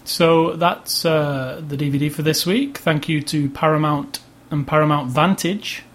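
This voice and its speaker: A man's voice: a little high, steady tone, a little slow, a bit bright. Male podcast co-host, loose rambling delivery, jokey with frequent laughs. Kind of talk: casual chat.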